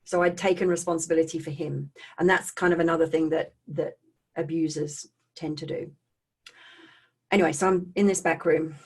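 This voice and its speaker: A woman giving an emotional personal testimony over a video call, halting and earnest, often repeating and restarting her words. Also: low-pitched, steady tone, darkish tone, husky. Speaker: speaker sharing her personal story.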